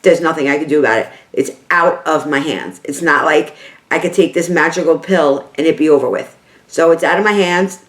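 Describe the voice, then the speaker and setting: Middle-aged woman with a New York accent, lowish voice, emotional vlogger who circles back and repeats herself; roomy, echoey sound. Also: fairly quick. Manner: heartfelt, rambling, repeats herself for emphasis. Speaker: beauty vlogger. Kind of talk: emotional casual talk to camera. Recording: echoey room.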